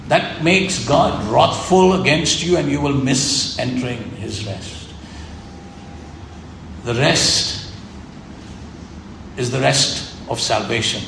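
A man's voice: mid-range voice, vocal fry. A man preaching a sermon with earnest, emphatic repetition. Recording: echoey room with faint ambient noise.

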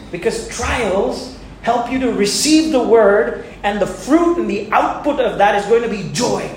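A man's voice: high voice, measured pace, a little hiss or hum. A male pastor preaching a sermon in an earnest, conversational way, chuckling now and then. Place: church sanctuary. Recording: very echoey church hall.

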